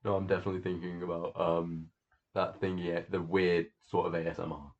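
Deadpan young podcast co-host, very low voice, muffled lo-fi recording. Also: male voice, fairly quick. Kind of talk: casual chat. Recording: dull lo-fi sound.

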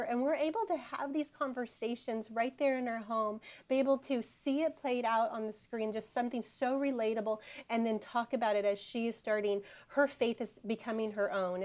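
High-voiced woman co-host, chatty and heartfelt. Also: darkish tone. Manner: chatty, heartfelt, personal storytelling. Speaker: guest co-host. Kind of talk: conversational interview.

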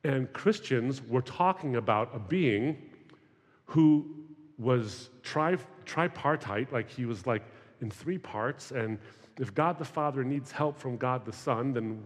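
A man in his forties speaks to a student audience, telling stories with a wry, conversational touch. His voice sits at a middle pitch. It rings out with a long reverb through a large hall. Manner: conversational storytelling with wry humor. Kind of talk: talk to students.

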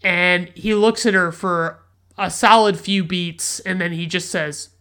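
A woman's voice: lowish voice, fairly even intonation, measured pace, a bit bright, clear, resonant tone. A woman hosting a casual film review podcast, retelling scenes in a rambling, profane way with frequent restarts and fillers. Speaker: podcast host reviewing films.

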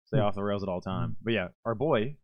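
A man's voice: on the low side, a little fast, lo-fi sound. A man co-hosting a podcast, chatting casually, cursing freely and acting out scenes he retells. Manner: swears a lot, acts out scenes he retells. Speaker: podcast co-host. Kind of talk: casual chat.

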